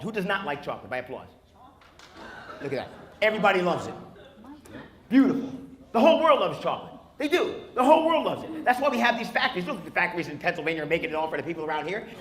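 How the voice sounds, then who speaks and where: A man doing a stand-up comedy set with crowd work, brash and punchy, on a club stage with a handheld mic. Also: sits high. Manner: brash, loud, punchy, chatting with the audience. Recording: live club recording with crowd laughter and noise. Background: audience laughter and room noise.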